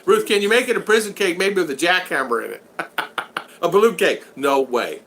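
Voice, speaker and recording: Man, livestream host, animated pitch, bright sharp tone, joking and rambling, reads viewer comments aloud. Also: normal speed, slight background noise. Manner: rambling, jokey, laughs often, retells stories with quoted voices. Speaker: live stream host. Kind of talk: casual live chat reading viewer comments.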